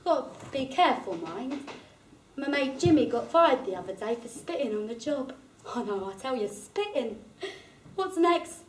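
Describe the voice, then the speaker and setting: A woman's voice: high voice, big pitch swings, moderate pace, roomy sound, slight background noise. An actress playing a chatty working-class woman, in a one-woman stage monologue. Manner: gossipy, laughing storyteller. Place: theatre performance space.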